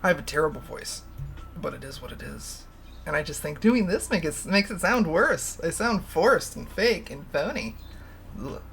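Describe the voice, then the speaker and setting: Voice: mid-range voice, expressive, normal speed, gravelly, fairly bright tone, soft background music. A livestream host chatting casually, rambling and candid, laughing often and swearing freely. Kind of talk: casual stream chat.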